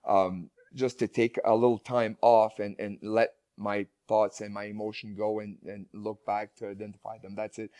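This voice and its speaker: A man's voice: on the low side, darkish tone, dry recording. A man talking casually as a guest speaker in an interview, speaking with frequent restarts and repeated words. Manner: rambling, many restarts and repeated words, laughs often.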